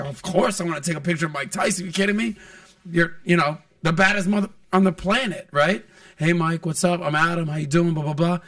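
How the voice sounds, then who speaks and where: A man hosting a podcast, talking casually and throwing himself into acted-out quotes. His voice sits a little high for a man, and he sounds a bit back from the microphone. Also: brisk, distant mic. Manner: animated storyteller, acts out quotes. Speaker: podcast host.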